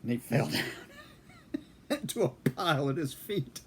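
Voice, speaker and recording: A man in his seventies casually telling a story from his service days, unhurried and chuckling now and then. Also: fairly high pitch, very animated, fairly bright tone, slight background noise. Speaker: storyteller recalling military service.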